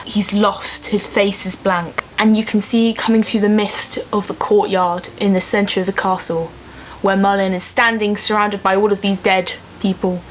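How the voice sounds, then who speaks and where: A woman's voice: mid-range voice, fairly bright tone, a little hiss or hum. A young woman ranting emphatically in a casual vlog, swearing freely and getting emotional. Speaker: vlogger. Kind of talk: casual fan rant.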